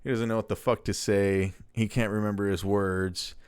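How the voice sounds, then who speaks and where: A man's voice: fairly low pitch, flat delivery, normal speed, clear, resonant tone, no echo, studio quality. A man recapping a film in a casual, rambling way, swearing often and sounding exasperated. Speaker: movie reviewer.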